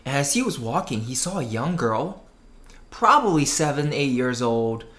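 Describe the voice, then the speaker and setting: Low-voiced woman telling a spooky story. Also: normal speed. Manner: animated storytelling, acts out characters' lines. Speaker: guest storyteller. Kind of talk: telling spooky stories in casual chat.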